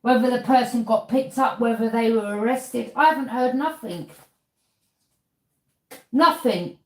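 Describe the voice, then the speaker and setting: A woman's voice: on the high side, unhurried, echoey room. A woman tarot reader, delivering an accusing monologue to camera and throwing out "yeah?" as a challenge.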